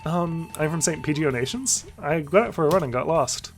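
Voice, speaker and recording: A man's voice: a little high, fairly quick, few pauses, soft background music. Playful man reading a visual novel. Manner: playful, self-mocking asides. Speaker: let's play host.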